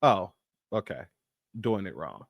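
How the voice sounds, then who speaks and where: A man's voice: deep voice, very animated, slow, gravelly, dry recording, clean studio sound. A man hosting a casual political commentary show, emphatic and talking straight to his viewers as family.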